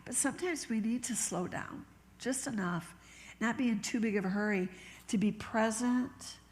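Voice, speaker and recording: A woman bishop preaching a sermon in a conversational, storytelling way, slowing down and dropping to a whisper when she acts out what people said. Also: fairly high pitch. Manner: laughs easily, talks slowly. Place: church sanctuary. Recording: long reverb of a church hall.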